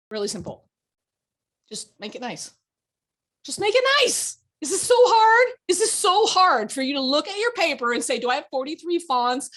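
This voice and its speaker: A woman law professor giving a lecture, animated and exasperated, teasing her students. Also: fairly high pitch.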